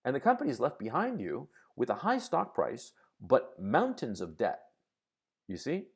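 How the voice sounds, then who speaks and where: Profane, animated man ranting on a live stream. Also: medium pitch, normal speed, husky. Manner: profane, ranting, animated explanations with sarcastic mock quotes; checks in with live viewers. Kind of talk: live-streamed political and economic commentary.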